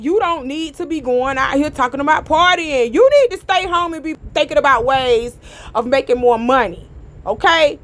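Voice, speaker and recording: A woman with a high-pitched voice delivers casual opinion commentary as the host of her own channel. She rants bluntly and profanely, repeating her lines for emphasis and speaking straight to her viewers.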